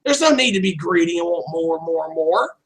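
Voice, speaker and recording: A man's voice: on the high side, lively intonation, fairly quick, poor audio. A man telling a candid personal story in casual chat, rambling and blunt, swearing freely. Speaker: channel host.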